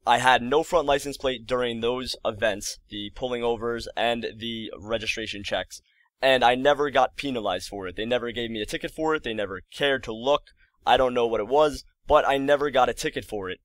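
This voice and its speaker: A man in his early twenties telling a story to his viewers in a casual, exasperated and rambling way, full of quick asides. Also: medium pitch, a bit bright, dry recording. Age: early 20s. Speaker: vlogger.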